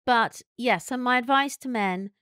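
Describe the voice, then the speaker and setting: This podcast co-host is a chatty, giggly woman who tells stories and hands out blunt advice in casual chat. Her fairly high voice is clear, resonant and a bit bright, at a measured pace, recorded dry with clean studio sound.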